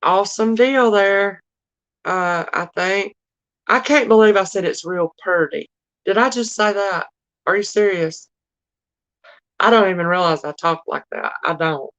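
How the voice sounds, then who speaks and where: A woman's voice: mid-range voice, unhurried, fairly bright tone, muffled recording. A woman with a Southern drawl, chatting casually as she runs a live-stream auction and talks straight to her viewers. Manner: chatty, addresses viewers as y'all and darling.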